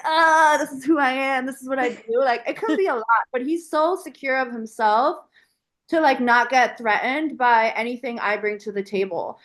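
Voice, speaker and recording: A woman guest on a podcast, talking casually and animatedly with lots of filler words. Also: fairly high pitch. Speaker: podcast guest, business founder. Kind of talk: casual conversational interview.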